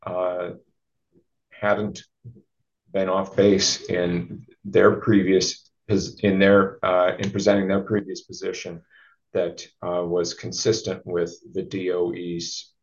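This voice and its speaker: A man making a halting legal argument at a hearing, with many fillers and restarts. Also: sits low. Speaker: party at a land-use hearing. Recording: dull lo-fi recording.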